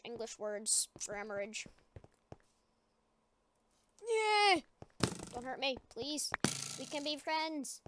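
A woman giving goofy, rambling commentary while playing a video game, humming and singing to herself between remarks. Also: noisy background. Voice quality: high-pitched voice. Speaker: gaming video creator. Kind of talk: casual gameplay commentary. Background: loud background music.

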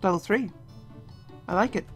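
A young man doing playful, self-mocking commentary on his own gameplay, often breaking into sudden yells. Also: high voice, moderate pace. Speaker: let's play gamer. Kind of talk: game commentary. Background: game music.

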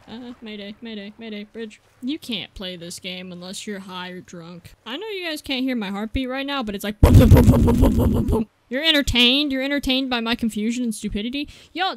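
A woman's voice: fairly high pitch, fairly bright tone, dry recording. A young woman commentating a horror game let's play for her viewers, jumpy, swearing and laughing at her own fear. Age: young adult. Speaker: gaming YouTuber.

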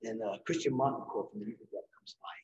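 A middle-aged man giving a live painting demonstration, telling lively anecdotes and acting out what others said. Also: fairly low pitch, fast talker, roomy sound, dull audio. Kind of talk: storytelling during a live demonstration. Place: event hall.

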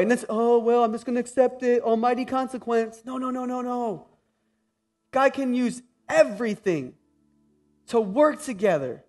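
A young adult man preaching a sermon as pastor, animated, moving from loud exclaiming to a hushed tender tone. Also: high-pitched.

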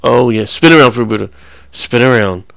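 Gravelly man rambling over game clips. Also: medium pitch, normal speed, a bit bright, dry recording. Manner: rambling, joking, crude, with frequent restarts. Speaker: gameplay commentator.

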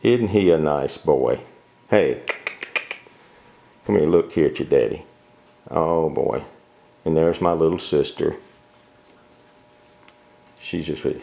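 A man's voice: extremely low pitch, takes it slowly, creaky, pauses often, mellow. A man filming puppies on a kitchen counter at home, chatting casually and coaxing them to come to him. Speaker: dog breeder filming puppies. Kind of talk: casual home video narration.

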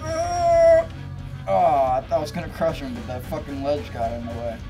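A let's play gamer giving excitable commentary, often yelping, laughing and swearing at the game. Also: medium pitch, moderate pace. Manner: excitable, yelps and shrieks at the game. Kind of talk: gameplay commentary. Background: game music.

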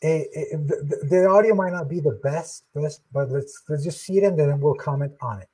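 A man's voice: fairly high pitch, moderate pace, heavy background noise. A man hesitantly talking, often searching for words, on a video call. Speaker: program director. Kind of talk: casual conversation.

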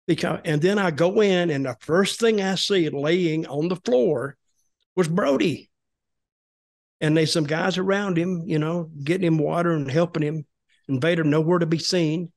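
An older American man, a former wrestler appearing as a storytelling guest, casually tells a long story in a slightly high, creaky voice at normal speed. He rambles, restarts, and acts out what other people said.

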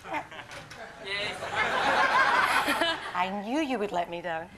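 A bubbly woman in her fifties with a bright, forceful Scottish voice, chatting playfully as a talk-show guest. A faint studio crowd and some light noise sit behind her. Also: mid-range voice, huge pitch swings, extremely slow. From Scotland. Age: 50s. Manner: bubbly, playful, laughs often. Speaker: singer guest. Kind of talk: chat show interview.

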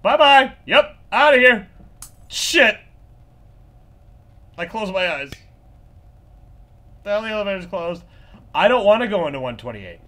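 A man's voice: sits high, big pitch swings, unhurried, long pauses, pushed and bright. A man giving nervous, joking, profanity-laced commentary while playing a horror game. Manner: jumpy, swearing, nervous joking asides. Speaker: gaming channel host.

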